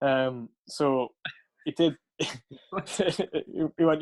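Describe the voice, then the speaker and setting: A man's voice: on the high side, very slow. A young man, casually telling a rambling night-out story, laughing and swearing between fillers. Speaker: podcast co-host.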